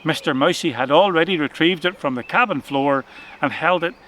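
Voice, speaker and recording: A man reading a children's adventure story aloud in an expressive, dramatic way. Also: on the high side, normal speed, a little hiss or hum.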